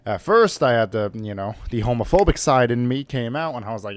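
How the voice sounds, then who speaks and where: A man's voice: medium pitch, lively intonation, brisk, hardly any pauses, no room sound. A man in his twenties telling a personal story to camera in a blunt, joking, profane way. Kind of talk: casual storytime monologue.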